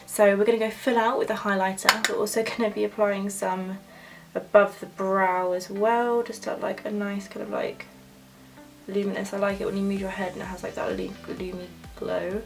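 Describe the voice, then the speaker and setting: A young woman gushing excitedly while talking through a makeup tutorial. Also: mid-range voice, moderate pace, gravelly, over music. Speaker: makeup vlogger. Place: home filming setup with ring light.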